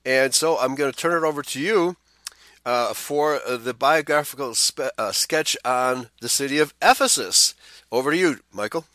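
A man's voice: mid-range voice, normal speed, sharp tone, dry recording. A man co-hosting a Bible study talk, reading a historical text aloud and adding his own remarks, with frequent "uh" fillers. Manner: reads passages with side remarks and frequent "uh" fillers. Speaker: co-host of a Bible study show.

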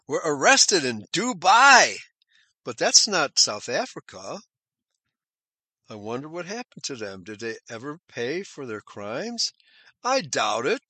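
A man's voice: fairly high pitch, sharp tone, dry recording. Sarcastic man reading news with asides. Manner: sarcastic asides between read passages, chuckling. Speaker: commentator. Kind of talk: reading news aloud with commentary.

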